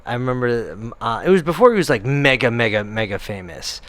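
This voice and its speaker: A man co-hosting a casual podcast, with a smooth, resonant voice at a middle pitch. He tells stories with energy, acting out other people's lines and laughing often. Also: a little fast, dry recording. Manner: animated storyteller, acts out quotes, laughs often. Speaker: podcast co-host. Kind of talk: casual chat.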